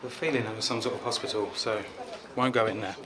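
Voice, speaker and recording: A man from England talks fast in a fairly low voice with fairly even intonation while vlogging his travels outdoors in a city. It's a rambling, self-deprecating chat packed with filler words, over a noisy background.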